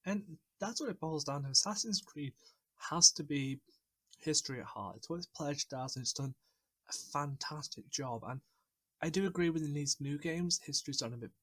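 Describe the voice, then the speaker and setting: A man's voice: fairly high pitch, moderate pace, a bit bright, dry recording. A man hosting a casual podcast chat, talking enthusiastically and rambling a little with fillers. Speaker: podcast host.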